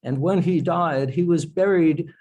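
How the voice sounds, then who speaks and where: A man's voice: a little high, measured pace, warm tone, highs cut off. A man, an author, speaking as a guest in a podcast interview, explaining in a thoughtful, self-correcting way.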